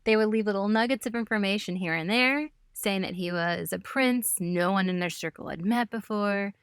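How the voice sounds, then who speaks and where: A woman's voice: mid-range voice, moderate pace, clear, resonant tone, dry recording, clean studio sound. A woman co-hosting a casual history podcast, telling stories with playful asides and laughs. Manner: giggly storyteller, playful asides. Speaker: podcast co-host.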